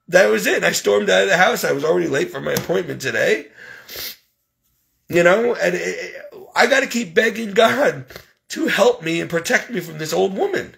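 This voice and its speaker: A professional caregiver vents emotionally about his situation, sounding heated, aggrieved, and religious. His high voice is animated, creaky, and a bit bright, and he speaks at normal speed.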